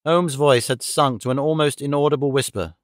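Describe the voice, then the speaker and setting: A man narrating a classic detective audiobook in a measured, low-key way into a close microphone. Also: steady tone, dry recording. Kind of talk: scripted narration.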